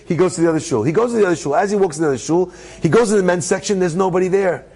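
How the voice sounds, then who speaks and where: A man, a rabbi, telling a story to an audience in an animated, joking way, acting out the voices. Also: sits high, very fast, slightly rough.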